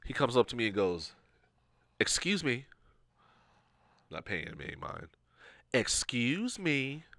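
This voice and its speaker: A man co-hosting a podcast, telling a story in a casual, animated way and acting out the people he quotes. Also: fairly low pitch, normal speed, dry recording, studio quality. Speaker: podcast co-host.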